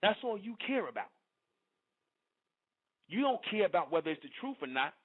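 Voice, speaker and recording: A man's voice: high-pitched, big pitch swings, moderate pace. A man, delivering a preachy, confrontational monologue to his followers and asking again and again whether they understand. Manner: confrontational, repeats "you understand?". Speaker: online speaker addressing followers. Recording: phone-like lo-fi audio.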